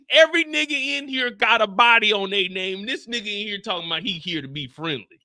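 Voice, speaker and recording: A man hosting a live reaction stream, recapping a TV show in an animated, profane, ranting way. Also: high voice, brisk, hardly any pauses.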